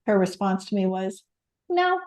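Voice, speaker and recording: A woman's voice: on the low side, steady tone, unhurried, darkish tone. A middle-aged Canadian woman, a podcast guest, sharing a heartfelt personal story in an earnest way. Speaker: podcast guest, stress coach and author.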